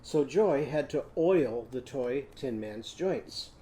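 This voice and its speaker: A man teaching a children's phonics lesson, drilling sounds in a slow, clear, sing-song way. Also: mid-range voice, expressive, warm tone, a little hiss or hum. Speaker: literacy teacher.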